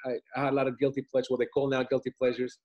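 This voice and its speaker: Fast-talking animated man telling stories. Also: mid-range voice, muffled recording. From Italian family, lives in United States. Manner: rambling, animated, acts out quotes. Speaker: filmmaker guest. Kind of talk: casual interview storytelling.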